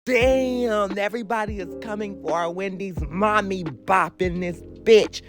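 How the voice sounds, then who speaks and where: A man's voice: high voice, steady tone, a little slow, faint music behind. A man hosting a casual reality TV recap, sassy and profane, laughing at himself and a bit out of breath. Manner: sassy, scattered, cusses freely, laughs often.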